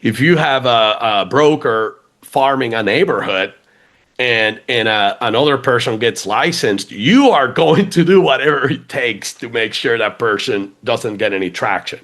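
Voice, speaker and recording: A man's voice: medium pitch, unhurried. A man with an accent, talking casually and at length as a business podcast guest, with many restarts. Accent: funky accent, non-native. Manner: chatty, animated, many restarts. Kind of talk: casual interview chat.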